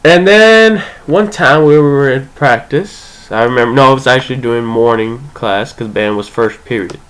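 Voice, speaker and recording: A man's voice: moderate pace, smooth, poor audio. A young man telling a casual, profane personal story, acting out what people said with big jumps in his voice. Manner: animated, profane, acts out quoted voices with big pitch jumps.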